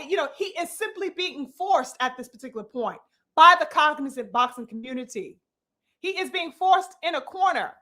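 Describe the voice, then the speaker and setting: A woman's voice: high-pitched, sharp tone. A woman giving a heated, profane commentary monologue with emphatic delivery and frequent "you know" fillers. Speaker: boxing commentator.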